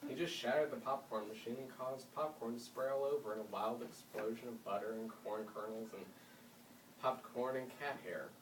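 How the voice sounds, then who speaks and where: A man reads a humorous story aloud to a class, his delivery lively and building in dramatic swells. His voice carries through a roomy space, heard from well away from the mic, with a faint hum of the room behind it. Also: medium pitch, moderate pace, far from the mic. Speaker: reader to school classes.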